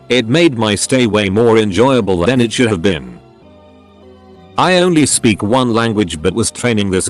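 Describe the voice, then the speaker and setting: A man narrating reader-submitted stories in a steady, even read-aloud manner. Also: on the low side. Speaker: story narrator.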